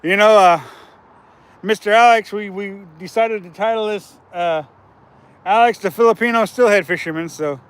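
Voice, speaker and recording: A man's voice: high voice, normal speed, clear, resonant tone. A man hosting a casual fishing livestream from outdoors by a river, chatting with viewers and laughing often.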